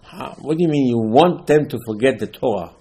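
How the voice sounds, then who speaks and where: Animated man giving a religious lecture. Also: medium pitch, fairly quick, husky, poor audio. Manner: animated, with frequent rhetorical questions; repeats and restarts phrases while building a point. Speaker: Torah teacher.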